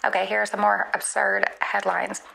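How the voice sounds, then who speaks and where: A woman's voice as a polite, creaky chatbot. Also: medium pitch, level tone, moderate pace, bright, forceful tone, rough recording. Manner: polite, literal, apologetic. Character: polite chatbot assistant, female-sounding, earnest. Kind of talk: comedy skit.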